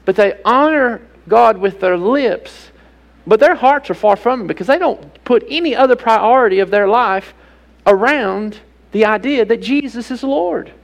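High-voiced gravelly man preaching. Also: rough recording. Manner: emphatic preaching with rhetorical questions. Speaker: pastor. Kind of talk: sermon.

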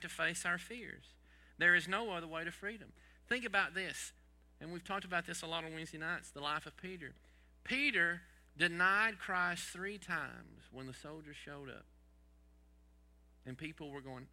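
A man's voice: high-pitched, lively intonation, measured pace, bright, forceful tone. A man preaching a sermon as pastor, asking the congregation rhetorical questions and dropping folksy sayings.

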